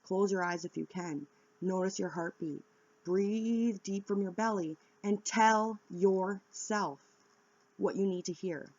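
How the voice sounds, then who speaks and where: A woman wellness vlogger gives earnest, candid self-help advice to viewers in an instructional talk. Her medium-pitched voice is slow and darkish, with lo-fi sound. She's coaching, direct, and candid.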